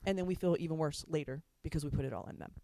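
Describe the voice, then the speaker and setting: A woman's voice: deep voice, rapid-fire, creaky, a little hiss or hum. Chatty woman speaker, laughing often. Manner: warm and chatty, laughing often between points. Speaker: counselor speaking on parenting. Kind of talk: talk to an audience.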